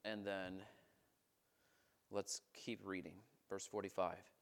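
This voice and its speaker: Preaching pastor, emphatic then hushed. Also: male voice, low-pitched, level tone, takes it slowly. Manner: reads scripture aloud and breaks off to comment, swinging from emphatic to hushed. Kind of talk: sermon.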